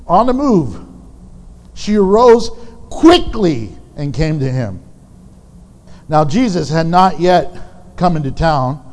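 A man's voice: fairly high pitch, a little mellow. A man preaching a sermon in a candid, conversational way, with frank asides to the congregation. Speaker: pastor. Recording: long reverb of a large hall.

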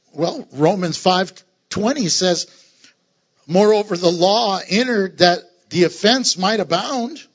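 A man preaching a lively sermon as a pastor, laughing and acting out voices of his listeners. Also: extremely high pitch, highs cut off.

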